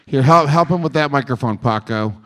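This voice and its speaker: A man's voice: medium pitch, fairly quick, fairly bright tone, a little hiss or hum. A man hosting a live podcast show on stage, emceeing with brash, crude jokes at the crowd.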